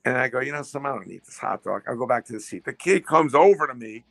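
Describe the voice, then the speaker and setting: A man telling stories as a podcast guest, fast and full of restarts and repeated words. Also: mid-range voice, expressive, vocal fry, no room sound. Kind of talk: casual storytelling.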